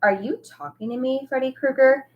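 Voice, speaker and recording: A woman's voice: high voice, moderate pace, highs cut off, voice pushed up, natural voice. A woman reading aloud, voicing a teenage boy bully who taunts and jeers. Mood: taunting. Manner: taunting, jeering.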